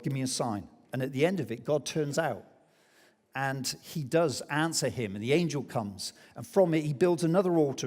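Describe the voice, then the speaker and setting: A man preaching a sermon as pastor, telling a story with lively acted-out quotes. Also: mid-range voice. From England. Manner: animated storytelling, acts out quoted voices. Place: church hall. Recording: long hall reverb.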